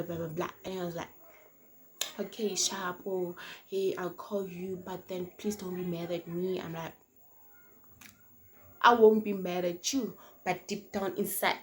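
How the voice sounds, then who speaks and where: A young South African woman telling a casual storytime on her vlog, animated and slangy, swinging between loud and hushed. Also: lowish voice. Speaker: vlogger. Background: faint noise from outside.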